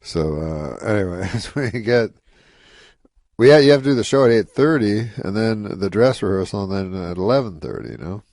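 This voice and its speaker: Deep, gravelly-voiced man rambling deadpan. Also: moderate pace, no room sound, studio quality. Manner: rambling, deadpan, full of "you know" asides. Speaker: comedian guest telling a story. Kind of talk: casual anecdote in an interview.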